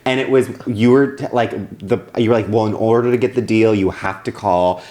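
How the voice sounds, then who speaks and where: A man's voice: fairly low pitch, fairly even intonation, brisk, dark tone. A man co-hosting a podcast, chatting casually in a rambling, self-deprecating way and laughing often. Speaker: podcast co-host. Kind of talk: casual chat.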